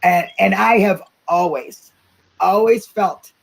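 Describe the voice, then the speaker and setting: A woman's voice: medium pitch, slow, creaky, poor audio. Emphatic woman hosting a chatty talk show. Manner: emphatic, repeats phrases, many "you know what I mean"s. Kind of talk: casual talk-show discussion.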